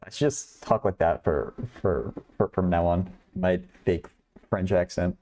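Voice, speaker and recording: Man, low voice, mellow tone, casual math stream host, thinking out loud, chatty with chat. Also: measured pace. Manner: thinking aloud, chatting with viewers, laughs often. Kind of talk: casual livestream problem-solving.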